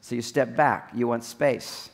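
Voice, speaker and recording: A man's voice: medium pitch, fairly even intonation, measured pace, creaky. A man giving a humorous seminar talk on relationships, acting out little scenes as he goes. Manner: joking, acts out little scenes. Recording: long hall reverb.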